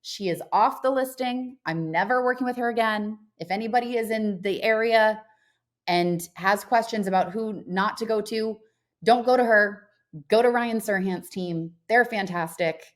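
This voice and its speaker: A woman's voice: mid-range voice, normal speed. A woman co-hosting a podcast, telling a long story in casual chat and acting out the phone calls she quotes. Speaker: podcast co-host.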